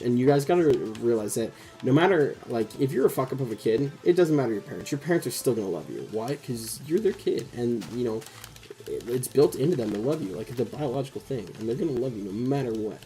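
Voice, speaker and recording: Mellow-voiced young man telling a story. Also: medium pitch, lively intonation, fast talker, soft background music, poor audio. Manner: rambling, swears a lot, heavy use of "like". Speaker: host. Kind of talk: casual storytelling chat.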